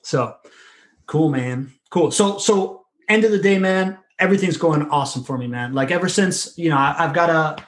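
A man in casual conversation who talks quickly and rambles through restarts, dropping the occasional swear word. His voice sits a little higher than most men's. He speaks as a business consultant.

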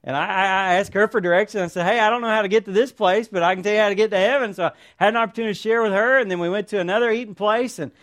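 A man's voice: high-pitched, racing, few pauses, a bit bright. A man preaching a sermon, telling personal stories and asking the congregation questions. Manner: earnest storytelling, rhetorical questions to the congregation. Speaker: pastor.

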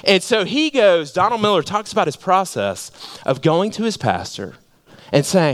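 Male pastor, sermon delivery, easygoing slangy manner, lively swooping voice. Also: sits high, moderate pace. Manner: casual and animated, with slang fillers. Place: church sanctuary.

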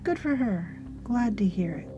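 A woman voicing the spirit of a middle-aged man, speaking slowly in a low, hushed voice. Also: lively intonation, lo-fi sound, soft background music, lightly acted. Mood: pleased.

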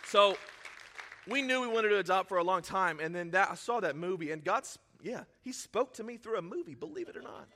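High, bright-voiced emotional pastor. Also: male voice, animated, fairly quick, some chatter behind. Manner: emotional, swings from quiet to shouting; self-deprecating, laughs at himself. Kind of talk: sermon.

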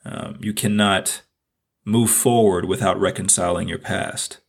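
A man's voice: deep voice, fairly even intonation, a little slow, gravelly. A man hosting a podcast, telling a personal story in an earnest, reflective way and repeating phrases for emphasis. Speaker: podcast host.

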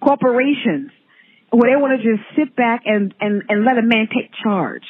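A New woman hosts her podcast with giggly, flirty excitement, talking freely and teasing her guest. Her voice has a faint husky edge. It all comes through a tinny phone connection. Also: on the high side, moderate pace. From New York. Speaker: podcast host. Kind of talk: casual podcast interview. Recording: tinny phone-line audio.

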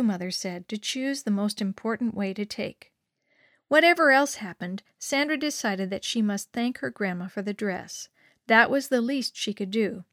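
Female storyteller, measured and expressive, slightly high voice, dry sound. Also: no room sound. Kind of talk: scripted narration.

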